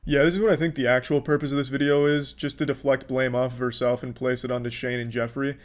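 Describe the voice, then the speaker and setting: A man who makes commentary videos speaks fast and flatly in a mid-range voice, with hardly a pause. His sarcastic, exasperated commentary mocks what he watched and is full of swearing.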